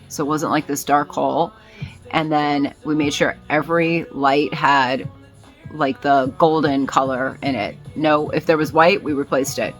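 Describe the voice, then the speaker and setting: A woman vlogging in a casual, rambling way, with many fillers and restarts. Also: low voice. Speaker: vlogger and small business owner.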